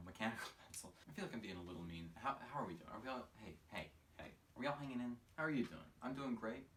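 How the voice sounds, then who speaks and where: A man's voice: medium pitch, a bit bright. A young man in a rambling, sarcastic comedy monologue, mocking himself as he talks in his own room. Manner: sarcastic, self-mocking, fast and scattered. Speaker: comedic vlogger. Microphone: phone camera. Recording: voice a bit far from a phone mic, with faint noise.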